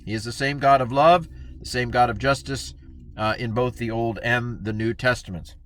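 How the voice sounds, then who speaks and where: A man's voice: medium pitch, moderate pace, a bit bright, slight background noise. A man giving a casual Bible lesson in a chatty, playful way, acting out the people he quotes. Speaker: Bible teacher.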